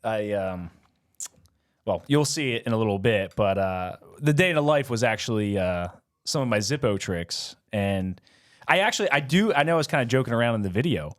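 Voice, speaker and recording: Rambling young podcast co-host. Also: male voice, lowish voice, lively intonation, a little fast. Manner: rambling, lots of fillers and laughs. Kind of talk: casual podcast chat.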